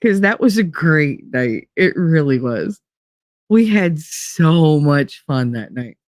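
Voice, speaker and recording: A middle-aged woman hosting a podcast, telling a story in casual chat, animated and often laughing as she quotes others. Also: deep voice, takes it slowly, dry recording, studio quality. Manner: animated, laughing, quoting others in raised voices. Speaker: podcast host.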